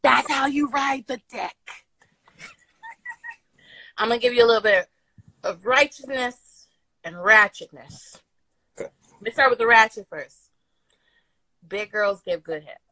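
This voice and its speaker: Brash, bright-voiced woman telling a story. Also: on the high side, a little slow, pauses often, no room sound, low-quality recording. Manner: brash, profane, laughing, breaks into song. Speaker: guest storyteller. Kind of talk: casual storytelling on a live stream. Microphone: phone on a live video stream.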